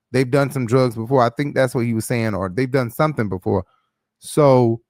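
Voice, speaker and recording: A man's voice: mid-range voice, no echo, clean studio sound. A man hosting a casual gossip show, giving blunt, profane opinions in a loose, chatty way. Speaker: host.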